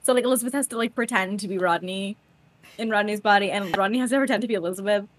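A woman's voice: medium pitch, rapid-fire, noisy background. A young woman co-hosting a podcast in casual chat, talking animatedly and acting out quotes with laughs. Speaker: podcast co-host.

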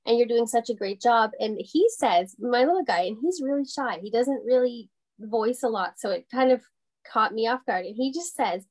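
A woman, a small business owner chatting in an interview, full of fillers and quick laughs. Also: a little high, animated. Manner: chatty, heavy on fillers like "you know", laughs often. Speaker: boutique owner guest. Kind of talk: casual interview chat.

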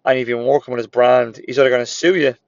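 A man's voice: medium pitch, fairly even intonation, quick pace, creaky, no room sound, muffled recording. A gym owner and former personal trainer telling his story to motivate others, candid, swearing freely and repeating phrases for emphasis.

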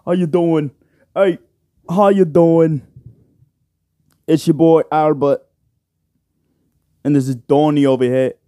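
A man's voice: sits low, animated, fast, creaky, hardly any pauses, a little mellow, no room sound, studio quality, voice pushed down, exaggerated voice. A man putting on a goofy, exaggerated British-sounding voice to parody another podcast host. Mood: mocking. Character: mocking put-on British male podcast host.

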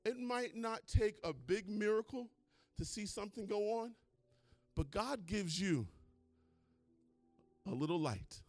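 Excitable high-voiced male preacher. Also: measured pace, pauses often, no echo, soft background music. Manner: excitable, swings from hushed to shouting, retells stories in voices. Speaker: pastor. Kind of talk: sermon.

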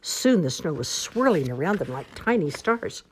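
Expressive low-voiced woman reading a storybook. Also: normal speed, slight background noise. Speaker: storybook reader. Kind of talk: children's storybook read-aloud.

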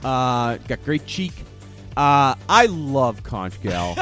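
A man's voice: mid-range voice, sing-song, takes it slowly, over loud music. A man co-hosting a podcast, chatting in a rambling, profane, jokey way and laughing often. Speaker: podcast co-host. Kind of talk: casual chat.

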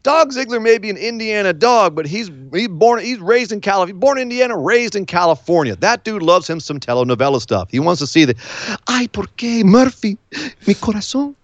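Podcast co-host, male, casual and animated, acts out quotes, dry close mic. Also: high-pitched, a little fast, hardly any pauses, no echo, dull audio. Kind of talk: casual wrestling recap chat.

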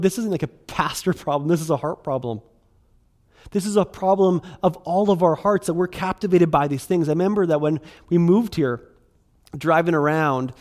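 A middle-aged man preaching a sermon in a loose, conversational way, full of "like" and quick restarts. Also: a little high, a little mellow. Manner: conversational, filler-heavy, restarts, quick bursts. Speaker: pastor.

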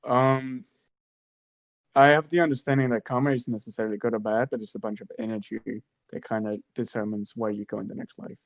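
Male guest, mid-pitched, agreeable and questioning, muffled lo-fi audio. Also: fairly even intonation, fairly quick. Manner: inquisitive, agreeable, thinks aloud with hesitations. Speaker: guest seeking advice. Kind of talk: casual conversation.

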